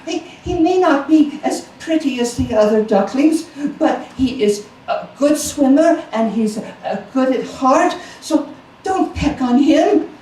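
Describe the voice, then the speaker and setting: A man doing a fussy high mother duck. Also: lively intonation, takes it slowly, warm tone, a little hiss or hum, heavily acted. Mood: pleading. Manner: fluttery, high, earnest. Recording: roomy live recording from a distance.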